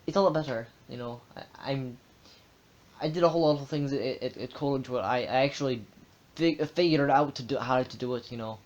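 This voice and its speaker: A young man talks casually with his friends on a podcast, stumbling and stuttering through his sentences and repeating words as he goes. The recording sounds muffled and lo-fi. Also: mid-range voice. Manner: stuttering, halting restarts. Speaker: podcast co-host. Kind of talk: casual chat. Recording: dull lo-fi sound.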